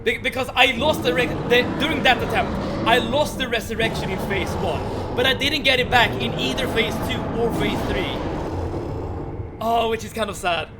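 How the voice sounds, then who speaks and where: A man giving casual commentary while livestreaming a game, excitable and stammering, often restarting his words and swearing now and then. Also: very high voice, moderate pace, very noisy. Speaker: gaming livestreamer.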